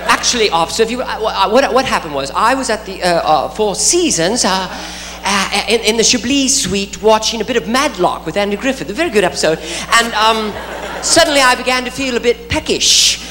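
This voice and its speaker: A stand-up comedian playing a flustered, stuttering upper-class British gentleman with a British accent, in a live club. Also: high voice, lively intonation, fairly quick, big-room sound. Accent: British English. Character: stammering foppish upper-class British gent. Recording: live club, crowd laughter, noisy.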